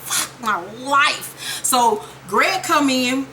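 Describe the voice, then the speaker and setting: Bright, high-voiced woman recapping a show. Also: very slow, slight background noise. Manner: profane, animated storytelling. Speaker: TV recap vlogger. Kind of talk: casual episode recap.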